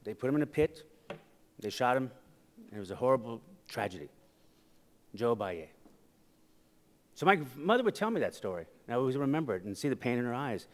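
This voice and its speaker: A man giving a conference keynote, telling personal stories and moving between quiet passages and loud, emphatic ones into a podium microphone. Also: mid-range voice, very animated, a little fast, long pauses. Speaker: keynote speaker. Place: conference hall with audience. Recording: reverberant conference hall. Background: audience laughter.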